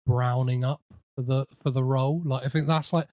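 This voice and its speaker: A man hosting a podcast, chatting casually about a film in a halting way, with many fillers and restarts. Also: medium pitch, steady tone, mellow, dry recording, studio quality. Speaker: podcast host.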